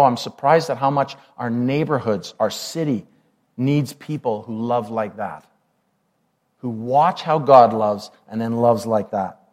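Man, pastor, sermon, conversational, mid-pitched voice. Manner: conversational, asks the congregation questions.

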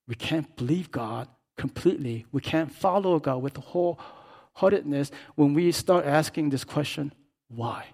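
A man preaching a sermon as pastor, swinging between hushed, quiet stretches and loud, impassioned calls. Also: on the high side, moderate pace, creaky.

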